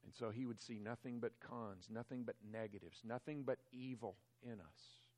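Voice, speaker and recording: A male pastor delivering a Sunday sermon in a mid-range voice. He preaches with emphasis, pushing louder on the key words and sinking to a hush elsewhere. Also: moderate pace. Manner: emphatic preaching, swelling louder on key phrases and dropping low on others.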